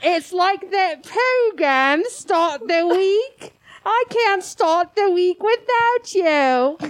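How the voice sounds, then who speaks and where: A doting middle-aged aristocratic mistress who gushes and sighs, read by a woman in a comedic reading. The voice sits very high and moves slowly. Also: lively intonation, full character voice.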